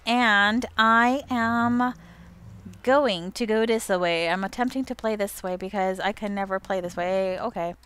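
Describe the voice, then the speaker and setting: A woman's voice: mid-range voice, a little slow, fairly bright tone, clear, resonant tone. A young woman who hosts a gaming channel, chatting casually and giggling as she narrates her own gameplay.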